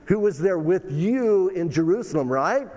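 A man's voice: high voice, lively intonation, normal speed, warm tone, in a large hall. A man acting out Barnabas as a casual, slangy, loyal friend who feels wronged. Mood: defensive.

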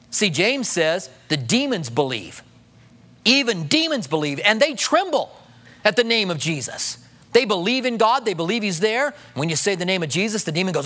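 A man with a high, light voice preaching a sermon to a church congregation. He keeps it conversational, tossing out rhetorical questions. When he voices a prayer, he drops to a soft hush. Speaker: pastor.

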